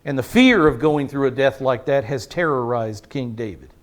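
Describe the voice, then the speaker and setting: A man's voice: mid-range voice, moderate pace. A man pastor preaching a sermon, emphatic, repeating words for stress and asking the congregation questions.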